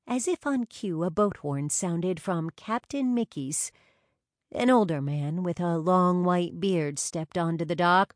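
In clean studio sound with no room tone, a woman with a lowish voice narrates an audiobook. Her scripted storytelling is measured and even.

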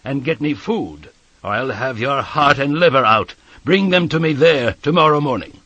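A man's voice: medium pitch, lively intonation, normal speed, bright, forceful tone, no room sound, lo-fi sound, pitched above the performer's own voice. A man voicing a terrifying escaped convict who growls savage threats and barks commands. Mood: threatening.

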